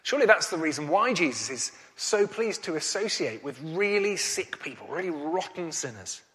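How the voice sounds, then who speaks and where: A man's voice: fairly high pitch, big pitch swings, normal speed, a bit bright, in a large hall. A man preaching a sermon, earnest and rising to emphatic questions.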